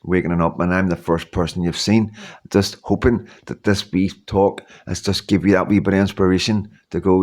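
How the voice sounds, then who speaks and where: A man's voice: low-pitched, little pitch movement, normal speed, a little mellow. A man in his fifties giving a rambling, earnest motivational talk to his viewers, full of repeats and "you know what I mean". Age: 50s. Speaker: YouTuber.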